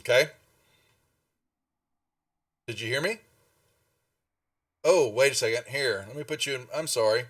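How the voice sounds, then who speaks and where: A man narrating as game master in a tabletop game, speaking in a halting way with many restarts. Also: mid-range voice, no room sound, recorded from a distance.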